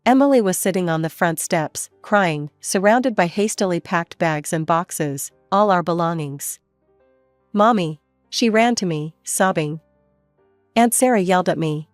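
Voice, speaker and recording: Woman narrating a family story, low-pitched. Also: animated, moderate pace, no echo, studio quality, faint music behind. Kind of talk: first-person story narration.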